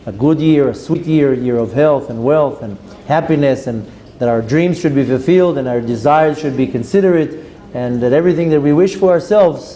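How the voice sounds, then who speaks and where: A man's voice: a little high, mellow, a little hiss or hum. A man, a rabbi giving an earnest sermon that urges his listeners on and mixes in Hebrew terms.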